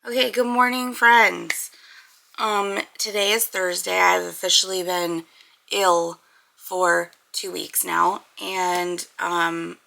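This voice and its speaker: Gravelly, bright-voiced young woman vlogging. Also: fairly low pitch, little pitch movement, takes it slowly, low-quality recording. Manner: rambling, chatty, many fillers. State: congested, with a cough. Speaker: book vlogger. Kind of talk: casual chat to camera.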